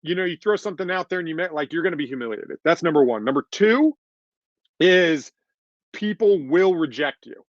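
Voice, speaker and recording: Speaking a little high and fairly quickly, this man sounds expressive as a podcast co-host in casual talk. He stresses his points through repetition and acts out quoted voices; the recording is dull, lo-fi and dry, with no echo.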